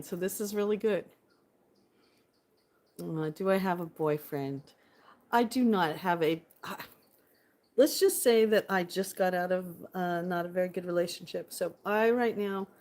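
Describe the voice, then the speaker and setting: A woman's voice: lowish voice, a little mellow. A woman from California in a bubbly, casual live-stream chat at home, answering viewers on her phone. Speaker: vlogger. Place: home indoors by a window.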